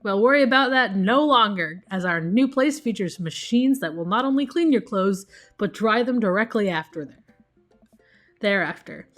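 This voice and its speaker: A woman voicing a warm, corny middle-aged single dad in a video game, with dorky jokes and a mock announcer tone. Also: mid-range voice, expressive, normal speed, soft background music, close to an everyday voice. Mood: goofy.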